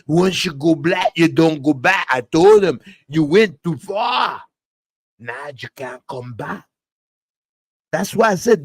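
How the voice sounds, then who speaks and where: A man's voice: fairly high pitch, no echo, clean studio sound. A man doing a rambling, boastful older crime boss. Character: older male crime boss, scornful of his kids. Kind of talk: comic character impression in a TV review.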